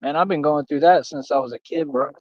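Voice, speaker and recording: A man's voice: fairly high pitch, brisk, lo-fi sound. A man in a casual livestream rant, using street slang, repeating himself and talking straight to his viewers. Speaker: livestream host.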